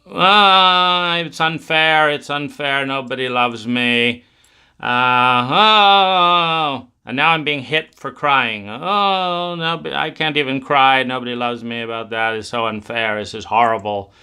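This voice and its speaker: A man's voice: mid-range voice, takes it slowly, pushed and bright, clear, resonant tone, exaggerated voice. A man voicing a hurt young child who wails that nobody loves him. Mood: self-pitying. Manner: whiny, plaintive. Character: hurt young child, wailing self-pity.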